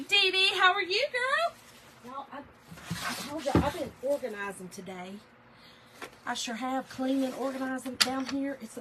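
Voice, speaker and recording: A woman's voice: high voice, noisy background. A middle-aged woman, hosting a casual craft live stream, chatty and laughing, greeting viewers by name from her craft room.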